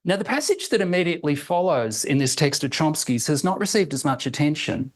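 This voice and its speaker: A man reading a prepared academic lecture in a measured, deliberate way, slowing to sound out example phrases. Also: on the high side, poor audio.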